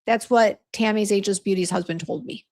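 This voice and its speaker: A woman's voice: medium pitch, brisk, darkish tone. A woman in her fifties hosting a casual live stream, chatting frankly and reading out viewer comments with a self-deprecating, exclamatory manner. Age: 50s. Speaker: beauty brand owner hosting a live stream.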